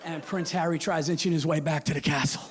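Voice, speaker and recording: A male stand-up comedian performing on a theater stage, ranting with constant profanity and swinging from hushed asides to shouting. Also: fairly high pitch, steady tone, fast talker, a loud crowd. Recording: live audience laughter and room noise.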